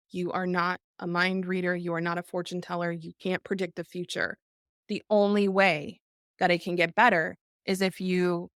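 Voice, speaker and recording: A woman's voice: medium pitch, no echo. Middle-aged woman host, teary but emphatic, repeats lines, dry close sound. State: tearful. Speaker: podcast host. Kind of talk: reflective live talk to an online group.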